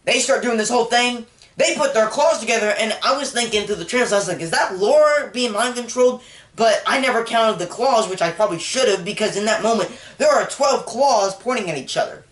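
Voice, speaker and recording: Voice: mid-range voice, brisk, a bit bright, roomy sound. A movie reviewer recapping a film in a rambling, casual way, full of "like" and openly emotional about the story.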